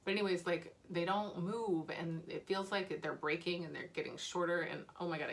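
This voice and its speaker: A woman beauty vlogger chats casually and candidly about makeup she's using up, with fillers and small laughs. Her voice is fairly low, her speed normal, and she pauses little.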